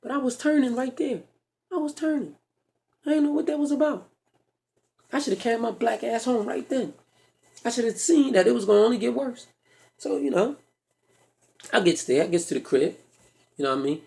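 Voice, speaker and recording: A man's voice: extremely high pitch, brisk, gravelly, long pauses. A man telling a profane comic story on stage, acting out the people in it. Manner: profane, animated storytelling with acted-out voices. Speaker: stand-up comedian. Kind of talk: stand-up storytelling.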